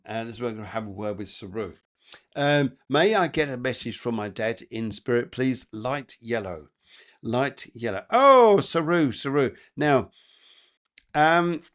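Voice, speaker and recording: Chatty excitable psychic medium man. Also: medium pitch. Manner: chatty, excitable, rambling readings. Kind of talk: live psychic reading show.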